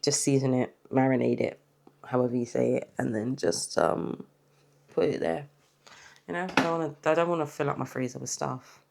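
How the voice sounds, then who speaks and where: A woman's voice: extremely low pitch, steady tone, moderate pace, vocal fry, a little mellow, slight background noise. A woman from England chatting casually through her weekly cash budget, tired and rambling. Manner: rambling, chatty, talks while counting cash. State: tired, yawning. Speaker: budgeting vlogger. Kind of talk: casual budget vlog chat.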